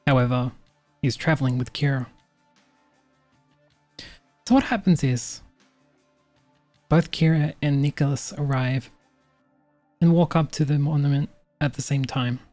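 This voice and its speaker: A game master narrating a tabletop vampire game in a descriptive, measured way. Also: mid-range voice, a little mellow, no room sound, soft background music.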